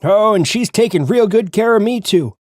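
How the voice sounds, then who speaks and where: A man's voice: sits high, lively intonation, normal speed, dry recording, clean studio sound. A man doing a feisty old baker. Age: 70s. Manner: folksy drawl, boastful and teasing.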